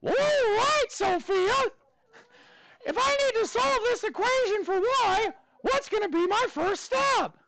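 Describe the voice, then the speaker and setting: A man teaching a math class while voicing a cheerful, squeaky male cartoon mouse in a bouncy falsetto. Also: animated, slow, a bit bright, full character voice. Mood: cheery.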